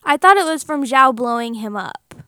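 A woman with a high voice co-hosts a podcast in loose, casual chat. She teases the others and laughs a lot, and her voice sounds close and dry, with no room echo. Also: lively intonation, moderate pace, sharp tone, clean tone. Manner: teasing, laughs often. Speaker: podcast co-host.

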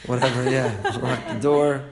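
A loud crowd surrounds this man, whose medium-pitched voice moves little in pitch at a normal speed. Teaching a Torah class, he reads texts, translates and explains them earnestly, often repeats phrases, and chuckles at his own stories. He's young adult to middle-aged and has a four-year-old.

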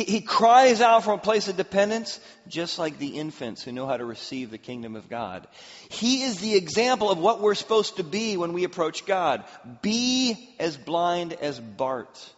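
A male pastor preaching a sermon, telling a story with acted-out quotes and an animated delivery. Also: fairly high pitch, moderate pace. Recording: echoey hall, slightly dull.

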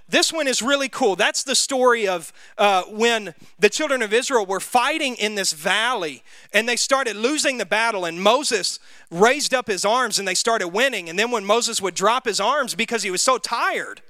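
Bright high-voiced Southern man teaching. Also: dry recording, clean studio sound. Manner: conversational, quizzes the group, self-deprecating. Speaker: Bible study teacher. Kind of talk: interactive Bible class teaching.

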